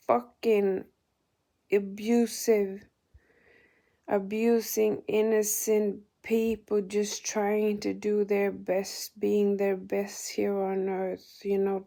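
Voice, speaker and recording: A woman vlogger recounts a spiritual experience in an indignant monologue, cursing and sometimes slipping into a whisper. Her voice is gravelly and dark, and she keeps her delivery flat and very slow. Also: medium pitch. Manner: indignant, swearing, partly whispered.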